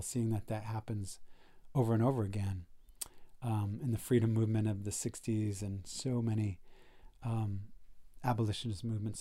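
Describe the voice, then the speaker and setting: Earnest man telling a story. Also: mid-range voice. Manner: earnest and animated, with frequent "like" and self-corrections. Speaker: guest telling his story. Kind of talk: casual storytelling in a podcast conversation.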